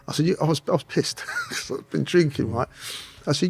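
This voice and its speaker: A man's voice: mid-range voice, fast, creaky, husky. A middle-aged man telling a rambling, profanity-filled story as an interview guest. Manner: swearing, rambling, streetwise anecdotes. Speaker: guest, former police officer.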